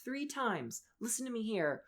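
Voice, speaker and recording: An upbeat young woman guiding listeners through a vocal warm-up lesson. She speaks at an everyday middle pitch and keeps her instructions encouraging and clear. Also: noisy background. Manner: upbeat, encouraging, demonstrates breathy vocal exercises. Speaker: voice coach.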